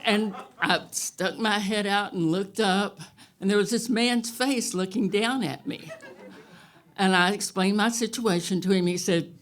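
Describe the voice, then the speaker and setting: A woman telling a true story on stage to a live audience, wry and unhurried, often chuckling. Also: mid-range voice.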